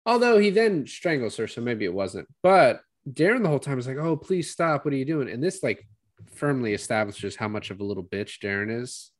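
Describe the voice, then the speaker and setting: A man chatting loosely on a film podcast, summing up scenes. His talk is relaxed and filled with "like" and quick quoted asides. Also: mid-range voice. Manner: casual storytelling with frequent "like" and quoted asides. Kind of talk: casual film discussion.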